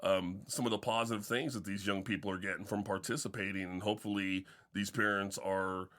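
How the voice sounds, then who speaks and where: A man's voice: fairly low pitch, fairly even intonation, a little fast, a bit bright. A middle-aged man hosting a casual sports podcast, telling stories with frequent restarts and fillers. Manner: storytelling, many restarts and fillers. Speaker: podcast host and football coach.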